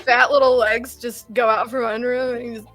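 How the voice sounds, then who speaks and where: A woman playing a tabletop game, expressive and casually swearing. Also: a little high, fairly quick. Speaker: player. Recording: faint background music.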